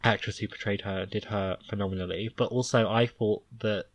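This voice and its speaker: A man co-hosting a podcast in casual chat, enthusiastic and quick to laugh, with fast bursts of opinion. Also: fairly low pitch, fairly even intonation. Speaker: podcast co-host.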